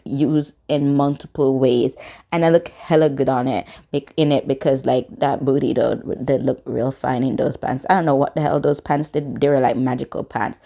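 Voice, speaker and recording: A young woman in her twenties telling a personal story in a casual, swearing, animated way. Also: low voice. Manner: swearing, animated reenacted quotes. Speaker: storytime vlogger.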